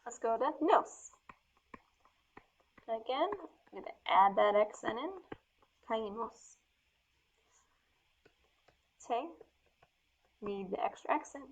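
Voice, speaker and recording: A woman teaching Spanish verb forms step by step while writing them out, talking through each change slowly and sometimes dropping to a soft murmur as she writes. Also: on the high side, a little hiss or hum. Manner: slow, step-by-step explaining. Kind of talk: explaining grammar while writing.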